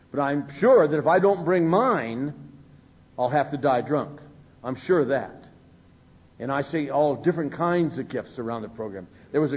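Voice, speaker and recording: An older man speaking at a recovery meeting, telling humorous stories and acting out the voices he quotes. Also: a little high. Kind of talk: storytelling talk from a podium. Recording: dull lo-fi live recording.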